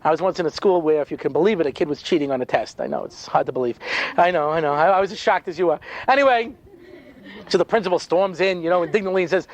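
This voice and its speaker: A man's voice: a little high, fast talker, low-quality recording. A man speaking as a rabbi, telling stories with wry sarcasm and lots of asides in a humorous lecture.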